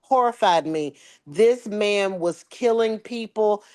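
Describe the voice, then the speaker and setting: A woman's voice: medium pitch, takes it slowly. A woman, a mother, telling a long story in casual chat and acting out the voices of the people in it. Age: adult with children. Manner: animated storyteller, acts out quoted dialogue. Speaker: podcast co-host.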